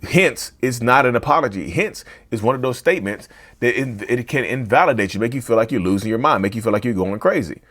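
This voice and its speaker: A man hosting a mental health channel, talking straight to his viewers in an animated way and rephrasing each point several times. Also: mid-range voice, quick pace. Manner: addresses viewers as "y'all". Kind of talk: direct-to-camera talk.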